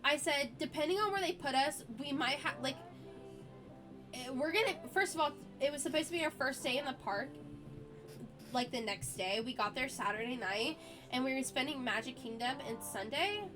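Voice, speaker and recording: A woman's voice: high-pitched, moderate pace, over music. A woman streamer, sick with a cough, chatting casually and telling a story in an exasperated way, full of "like" fillers.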